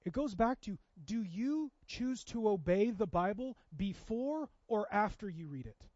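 A middle-aged man preaching a sermon, telling family stories with animated dialogue. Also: high voice, measured pace, dry recording, muffled recording. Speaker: pastor.

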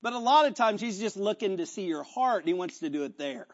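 A male pastor preaching a sermon in a conversational, animated style, acting out quotes as he tells stories. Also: high-pitched, fairly quick, highs cut off.

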